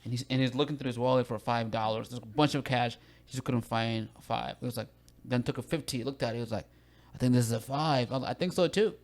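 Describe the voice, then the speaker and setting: A man's voice: mid-range voice, fairly even intonation. A man in casual podcast chat, recounting a funny story about a passenger, full of fillers like "you know". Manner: quick, chatty storyteller with frequent fillers. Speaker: podcast guest.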